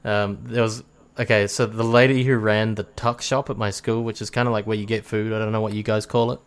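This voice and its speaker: A man's voice: on the low side, flat delivery, fairly quick, clear, resonant tone. A man with a New Zealand accent chatting casually as a podcast guest, rambling through stories, laughing often and swearing casually.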